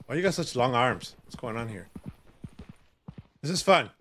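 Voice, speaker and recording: A man streaming a horror game live, talking to his co-player and yelping and shouting in panic. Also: medium pitch, moderate pace, a little hiss or hum. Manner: excitable, yelps and shouts in panic. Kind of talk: live gameplay commentary.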